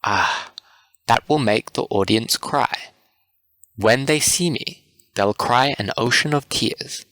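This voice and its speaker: Guy doing a show-off weaver who wants every part, talks slow and pompous, dry close mic. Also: mid-range voice, a bit bright, no echo. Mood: boastful. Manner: pompous, showing off. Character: boastful eager male weaver actor.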